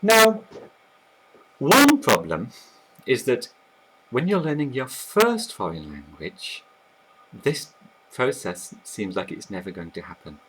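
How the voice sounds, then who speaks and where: A man teaching about language learning, explaining in a lively, animated way while sketching on a board. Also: mid-range voice, takes it slowly, pauses often, a little hiss or hum, rough recording. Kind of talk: explanatory video talk.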